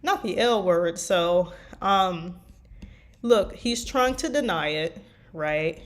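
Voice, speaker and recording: A woman's voice: on the low side, takes it slowly. A tired woman chatting casually about writing her fanfiction, rambling with lots of fillers. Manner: rambling, meandering with many fillers. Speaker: fanfiction writer. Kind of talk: casual chat.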